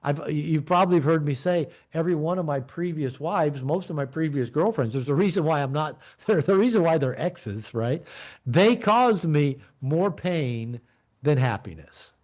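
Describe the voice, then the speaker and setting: A man's voice: fairly high pitch, animated, normal speed, darkish tone. A man in his sixties, a men's coach giving a candid, reflective personal talk to an online group. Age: 60s. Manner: earnest, reflective, candid storytelling. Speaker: men's coach and community leader.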